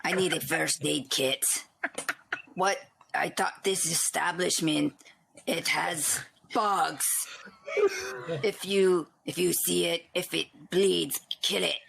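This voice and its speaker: A woman doing an impression of a blunt, menacing Austrian action-hero strongman in halting commands. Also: fairly low pitch, steady tone, gravelly, a bit bright, slight background noise, full character voice. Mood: deadpan menace. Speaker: comedy panelist.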